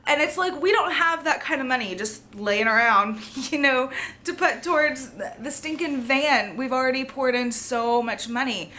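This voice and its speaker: A woman's voice: high voice, normal speed, sharp tone, slight background noise. A young woman chatting casually in a vlog, rambling and sick, losing her voice and coughing. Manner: chatty, rambling, lots of "like" and "y'all". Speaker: vlogger.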